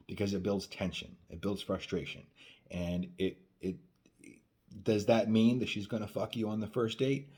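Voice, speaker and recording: A man's voice: lowish voice, a little mellow. A man working as a dating coach, talking casually into the camera and acting out quoted dialogue, often asking "right?". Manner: repeats "right?" often, acts out quoted lines. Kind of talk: casual advice monologue.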